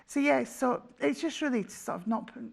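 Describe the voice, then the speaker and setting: A woman's voice: high-pitched, expressive, brisk, creaky, slight background noise. A woman as a guest expert on a sewing show, patiently explaining each step and reassuring viewers. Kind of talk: demonstration explaining. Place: TV studio.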